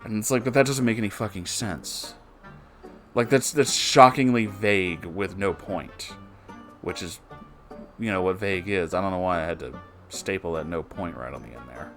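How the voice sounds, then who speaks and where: A man's voice: low voice, moderate pace, fairly bright tone, faint music behind. A man hosting a casual, rambling commentary on a fan fiction he is reading. He sounds amused, fills his talk with "like" and "you know", and swears now and then.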